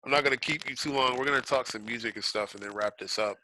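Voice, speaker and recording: A man co-hosting a casual podcast, speaking calmly and steadily, often starting with "um". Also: mid-range voice, fast talker. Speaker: podcast co-host. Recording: glitchy noisy mic.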